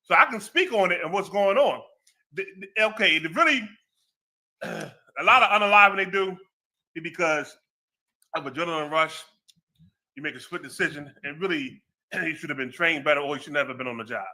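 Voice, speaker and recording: A man's voice: on the high side, a little fast, long pauses. A former law enforcement man in casual chat, telling stories with street slang. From American Southwest. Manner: street slang, animated storytelling.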